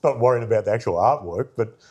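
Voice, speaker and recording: The guest, an artist and arts worker, has a medium-pitched, slightly mellow voice with a breathy edge, and he speaks expressively at a quick pace. His casual interview stories ramble, with lots of fillers and acted-out quoted voices.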